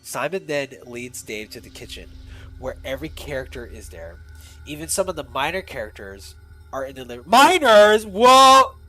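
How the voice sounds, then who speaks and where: A male streamer reading a creepy fan story aloud, animated and full of swearing asides. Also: on the high side, moderate pace, soft background music, rough recording.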